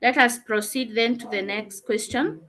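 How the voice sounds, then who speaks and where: A woman's voice: a little high, steady tone, normal speed, a bit bright, slight background noise. A woman teacher explaining answers and calling on students in an online revision class over a video call.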